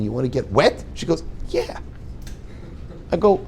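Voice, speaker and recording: An older man, a rabbi and yeshiva head, giving a storytelling talk and acting out the dialogue with lively voices. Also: mid-range voice, moderate pace, pauses often, a little hiss or hum. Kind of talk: storytelling lecture.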